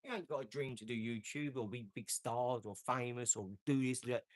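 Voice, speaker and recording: Guy on a live stream, hypes viewers up, repeats himself a lot, average pitch, dry close sound. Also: fairly quick, dry recording. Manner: emphatic, repeats phrases for effect. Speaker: livestream host. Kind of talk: casual motivational livestream chat.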